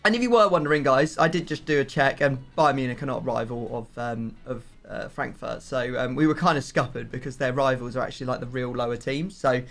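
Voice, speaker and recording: Gravelly man commentating a game. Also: mid-range voice, fairly quick, few pauses, a bit bright. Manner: chatty, swears and groans over the game. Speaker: gaming channel host. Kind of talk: casual gaming commentary.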